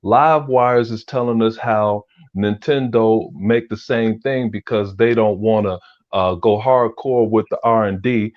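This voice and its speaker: A man's voice: on the low side, steady tone, measured pace. A man co-hosting a podcast, telling stories in a loose, profane way with lots of fillers. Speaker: podcast co-host. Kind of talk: casual chat. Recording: dull lo-fi recording.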